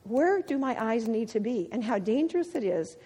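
A middle-aged woman gives a devotional talk in a large hall, her slightly husky, fairly high voice carrying a long reverb. She tells personal stories in an animated way and laughs often. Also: moderate pace. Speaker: women's ministry speaker.

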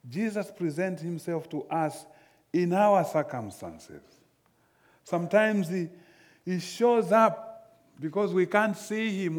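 A man preaching a sermon slowly and emphatically, often repeating phrases. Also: fairly high pitch.

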